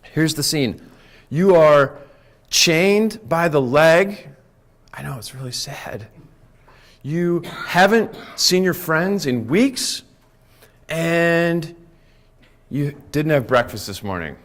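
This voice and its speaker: Man, conference speaker, live audience, animated, fairly high voice, swooping pitch. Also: takes it slowly, pauses often. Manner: animated, keeps checking in with "right?" and "okay?".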